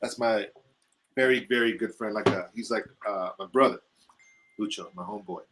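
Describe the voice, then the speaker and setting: A man hosting a casual live stream, rambling through loose, profane shout-outs and sounding a little stuffy from allergies. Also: on the low side, moderate pace, background noise. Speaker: host.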